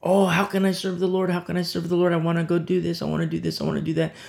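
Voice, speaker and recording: A fretful, eager believer, as a preacher acts him out, with a voice lifted higher than the speaker's own and a gravelly edge. He rattles off anxious questions. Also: monotone, racing, darkish tone. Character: eager, restless young male believer.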